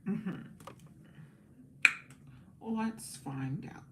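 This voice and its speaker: A woman's voice: mid-range voice, lively intonation, very slow, heavy background noise. A young woman hosting a tarot livestream, chatting casually and sounding sleepy and a little worn out. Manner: chatty, loose, sings along to music between remarks. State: sleepy and exhausted. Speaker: tarot reader and livestream host.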